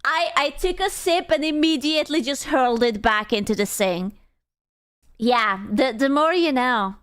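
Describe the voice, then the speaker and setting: A woman's voice: high voice, measured pace, fairly bright tone, smooth. A woman streamer chatting casually with her viewers, dramatic and self-deprecating, swearing freely.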